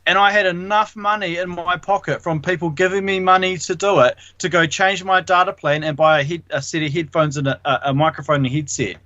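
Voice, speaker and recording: A man's voice: high voice, steady tone, a little fast, few pauses, bright, forceful tone, dry recording. A man, a guest on a radio chat, eagerly telling protest stories with lots of "like". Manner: eager, laughs often, fillers like "like". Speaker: radio show guest, activist. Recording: dull lo-fi line, dry.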